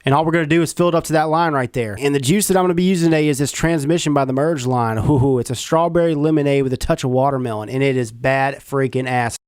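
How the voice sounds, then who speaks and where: A man's voice: medium pitch, fast, hardly any pauses, darkish tone, clear, resonant tone, no room sound, clean studio sound. A man giving a casual, slangy product review, talking the viewer through a device.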